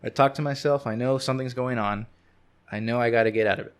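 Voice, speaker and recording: A man's voice: medium pitch, steady tone, fast talker, smooth. A young man talking openly and easily as a guest on a casual podcast. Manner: open, easygoing storytelling. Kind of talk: casual chat.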